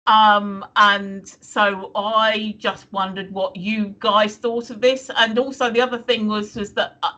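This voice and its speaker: A woman's voice: mid-range voice, flat delivery, slow pace, few pauses, bright, forceful tone, lo-fi sound. A woman co-hosting a live stream chat show, rambling through restarts and fillers and laughing often.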